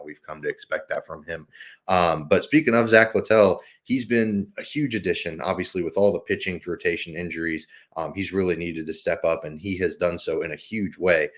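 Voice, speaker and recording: A man hosting a casual sports podcast, easygoing and quick to laugh, with lots of ums. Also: low-pitched. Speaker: podcast host.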